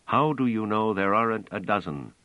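A man voicing a cold, commanding humanoid guard robot that questions its prisoners in a flat, literal manner. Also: fairly low pitch, moderate pace, no echo, pitched above the performer's own voice, close to an everyday voice. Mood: menacing. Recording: dull, dry audio.

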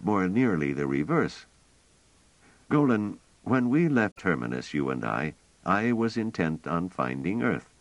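A man voicing a fussy, gentle elderly male scholar who rambles and talks hesitantly. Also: low-pitched, no echo, exaggerated voice, poor audio. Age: older. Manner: hesitant, wordy, polite.

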